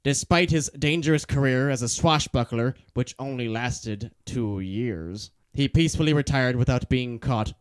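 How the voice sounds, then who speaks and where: A man co-hosting a podcast, reading prepared facts with a deadpan, joking delivery. His voice is smooth and sits at an average pitch. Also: normal speed, hardly any pauses. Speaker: podcast co-host. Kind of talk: reading out notes in casual chat.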